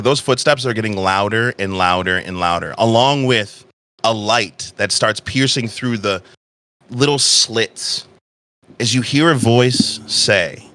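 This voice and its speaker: A man running a tabletop game, his voice bright and forward, spinning slow, dramatic descriptions broken by casual asides. The mic is close and dry with no room around him. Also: mid-range voice, dry recording. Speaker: game master.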